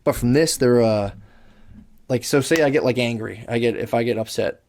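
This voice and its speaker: A man's voice: medium pitch, moderate pace, a little mellow, slight background noise. Young guy rambling on a podcast, lots of likes and restarts, swears a bunch. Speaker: podcast co-host. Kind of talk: casual podcast chat. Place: podcast studio.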